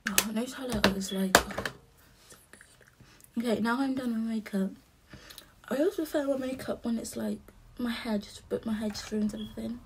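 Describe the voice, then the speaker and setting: A young woman talks her way through a makeup routine at home in a soft, half-whispered, chatty voice. Her voice sits slightly high and carries a gravelly fry. A faint hiss runs underneath. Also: moderate pace. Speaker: vlogger. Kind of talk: casual chat while doing makeup.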